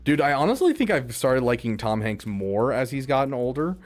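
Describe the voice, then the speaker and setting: A man's voice: medium pitch, sing-song, brisk, faint music behind. A man streaming live, chatting casually with his viewers, rambling, restarting his sentences and laughing often. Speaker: streamer reading chat.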